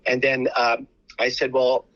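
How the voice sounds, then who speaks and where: A charity founder with an American accent, telling animated stories with many restarts in a radio interview. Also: male voice, medium pitch, a little slow, no room sound, highs cut off.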